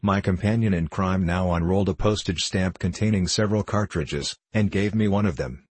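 A man reads a classic story aloud in a measured, wry manner, his voice low and husky. The recording is dry and close, with no room sound. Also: darkish tone, no room sound. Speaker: narrator. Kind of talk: audiobook reading of a classic story.

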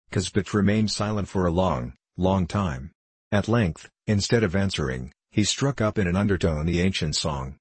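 A man narrating a classic novel as an audiobook reader, in a measured, even storytelling manner. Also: low voice, slightly rough, no echo.

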